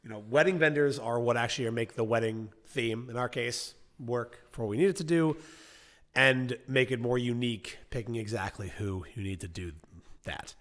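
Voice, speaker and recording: A man's voice: medium pitch, normal speed, fairly bright tone. A young man co-hosting a podcast, reading out tips and riffing with casual swearing. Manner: reads tips aloud then riffs, swears casually. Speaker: podcast co-host.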